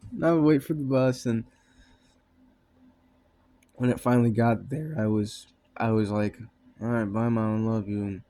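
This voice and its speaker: A man's voice: medium pitch, dark tone. A young man rambling in a casual vlog monologue, trailing off often, with plenty of fillers and swearing. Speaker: vlogger.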